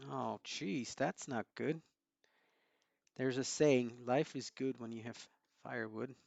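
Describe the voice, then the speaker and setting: A man's voice: medium pitch, fairly even intonation, slow, creaky, a little mellow, dry recording, dull audio. A man hosting a live stream, chatting casually and greeting viewers by name with frequent chuckles.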